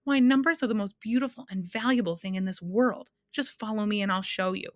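Picture a fussy, boastful number creature, a bossy little know-it-all who is always in a hurry, rising high and loud as a woman puts him on. It is read close and dry, with no room sound at all. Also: brisk, no echo, lightly acted. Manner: bossy and impatient.

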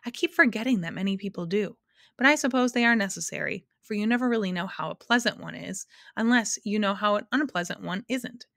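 A woman voicing a gentle, sorrowful female keeper of sounds in a storybook, soft and wistful. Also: medium pitch, brisk, creaky, no echo, studio quality.

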